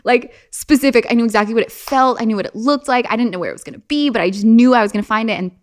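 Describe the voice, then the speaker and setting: A young adult woman speaking as a guest on an interview podcast, casually telling personal stories in an animated way, with lots of fillers and laughs. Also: fairly high pitch, very fast.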